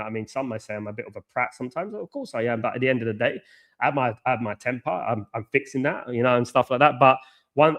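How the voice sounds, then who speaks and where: A man hosting a live watchalong, outspoken and animated, reading chat and ranting with lots of "you know what I mean.". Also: medium pitch. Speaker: fan channel host.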